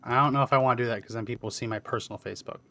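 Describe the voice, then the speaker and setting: An easygoing man co-hosting a casual talk show, chatting along loosely. His voice is bright and forward, at a middle pitch. The sound is dry and close. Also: very fast, no room sound. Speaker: co-host.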